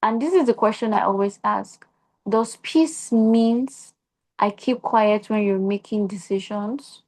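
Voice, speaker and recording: A woman's voice: mid-range voice, fairly even intonation, moderate pace. A young adult woman with a Nigerian accent, a podcast guest giving earnest advice in casual conversation and posing rhetorical questions.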